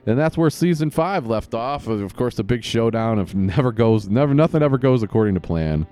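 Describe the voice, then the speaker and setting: A man's voice: mid-range voice, expressive, a little fast, warm tone. A man hosting a podcast in a casual chat, rambling and correcting himself as he goes, with the odd chuckle. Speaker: podcast host.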